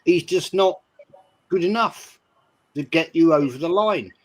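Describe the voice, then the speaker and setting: A man hosting a football call-in show, giving measured but blunt opinions. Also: on the high side. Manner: measured, blunt, dismissive of critics.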